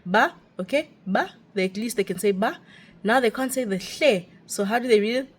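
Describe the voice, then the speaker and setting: A woman's voice: on the high side, a little fast, breathy edge. A young woman with a South African accent, a teacher abroad, chatting and ranting casually while walking outdoors with a phone. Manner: chatty ranting, animated and expressive. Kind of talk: casual walking vlog chat.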